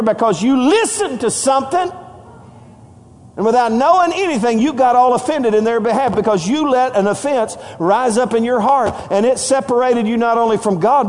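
An older man preaching a sermon to his congregation, passionate, climbing into shouted lines. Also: very high voice. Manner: impassioned, rising to shouts. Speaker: pastor. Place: church sanctuary. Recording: long hall reverb.

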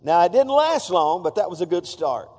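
Man, pastor, sermon, playful and feisty, high mellow voice, long church-hall reverb. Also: big pitch swings, normal speed. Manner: playful, feisty, breaks off to joke. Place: church sanctuary.

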